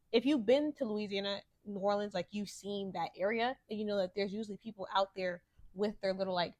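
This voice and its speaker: This is a casual monologue from a young woman podcast host whose medium-pitched voice is a little mellow. Her storytelling is frank and full of profanity, growing heated as she rants, and the sound is dry, close, and without echo.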